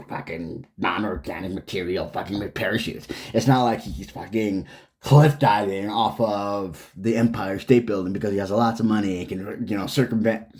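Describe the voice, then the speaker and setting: A man's voice: on the low side, a little mellow. A man delivering an angry, profane, sarcastic rant straight to the camera. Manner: swearing, heated, sarcastic. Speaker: vlogger.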